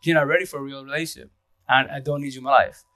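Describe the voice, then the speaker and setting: A man hosting a casual live stream, talking fast and rambling, with restarts and repeated words. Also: mid-range voice, steady tone, bright, forceful tone, dry recording. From Seattle area. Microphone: phone.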